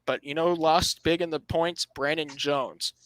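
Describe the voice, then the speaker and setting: A man's voice: a little high, steady tone, moderate pace, a bit bright, clear, resonant tone, dry recording, low-quality recording. A man hosting a casual motorsport podcast, reading out standings and giving his opinions with dry sarcasm, often restarting his phrases. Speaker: podcast host.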